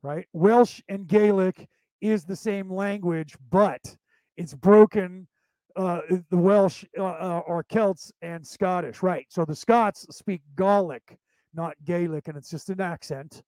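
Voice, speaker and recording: A man's voice: sits high, takes it slowly, darkish tone, no echo, rough recording. A man from Ireland with an American accent, teaching a class in a rambling way, repeating himself and restarting as he explains step by step. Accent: American English. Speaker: spiritual teacher. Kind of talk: casual lecture.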